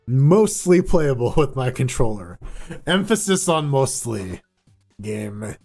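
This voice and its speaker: A jokey, excitable man chats casually while playing a game live. His voice sits at a middle pitch, and faint music plays behind him. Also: slow. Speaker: podcast co-host. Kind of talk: casual live gaming chat.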